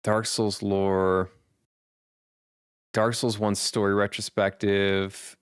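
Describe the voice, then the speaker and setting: Low, smooth-voiced male streamer. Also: flat delivery, takes it slowly, no echo, studio quality. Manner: thinks aloud, rambling with fillers. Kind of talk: casual chat.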